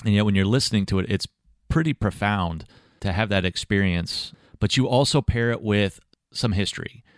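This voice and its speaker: Male host, low smooth voice, measured and encouraging, dry recording. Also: no echo. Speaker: podcast host. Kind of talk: interview hosting.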